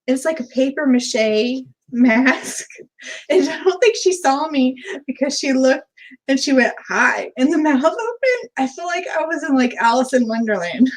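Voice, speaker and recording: A woman's voice: high-pitched, animated, measured pace, poor audio. A woman from central Florida co-hosting a casual live chat, telling stories with frequent laughter. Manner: chatty storyteller, laughs often. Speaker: co-host of a live chat stream.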